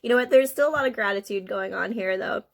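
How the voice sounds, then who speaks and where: A woman's voice: medium pitch, fast, gravelly. A woman giving a casual spiritual card reading to her viewers, chatty and emotional, laughing often as she talks. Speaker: tarot card reader.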